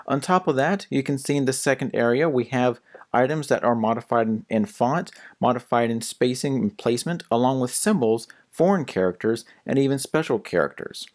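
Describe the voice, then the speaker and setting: A young man talks through a web development lesson at a middle pitch. He explains steadily and plainly, and he sometimes stops to restart a phrase. It sounds like a recorded course narration.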